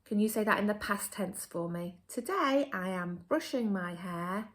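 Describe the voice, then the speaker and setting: English woman, primary teacher, remote phonics lesson, upbeat, exaggerated slow delivery for small kids. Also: medium pitch, lively intonation, a bit bright. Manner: upbeat, slow and exaggerated for children, my turn your turn.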